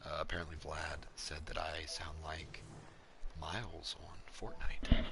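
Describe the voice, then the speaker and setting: A man streaming a game with a friend, chatting casually and breaking into high yelps and laughter. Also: flat delivery, measured pace, gravelly, pauses often, sharp tone, a little hiss or hum. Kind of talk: casual live-stream gameplay chat.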